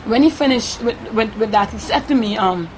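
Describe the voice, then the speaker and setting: A woman with a Guyanese Creole accent giving a halting first-person account, often repeating herself and tagging her sentences with "right?". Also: on the high side, slight background noise, rough recording. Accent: Guyanese Creole English. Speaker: interviewee.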